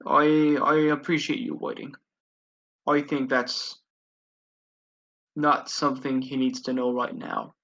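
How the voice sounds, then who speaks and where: A man's voice: mid-range voice, level tone, takes it slowly, pauses often, fairly bright tone, highs cut off. A man playing a tabletop role-playing game, bantering in character with playful swearing and stumbling restarts. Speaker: tabletop player.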